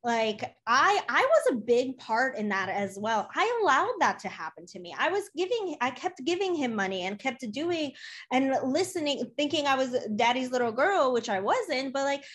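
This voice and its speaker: A woman's voice: high voice, very animated, moderate pace, fairly bright tone. A woman coach as an interview guest, talking earnestly and chattily with many fillers. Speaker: life coach, podcast guest. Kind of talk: casual interview talk.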